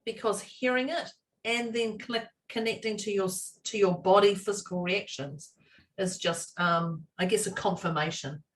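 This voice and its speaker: A woman co-hosting a relaxed podcast chat, lively and expressive, slipping into quoted voices and laughing easily. She sits a little way back from the microphone, so her voice sounds slightly distant. Her pitch is middling for a woman. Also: moderate pace, a little hiss or hum. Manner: animated, acts out quoted voices, laughs often. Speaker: podcast co-host. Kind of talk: casual chat.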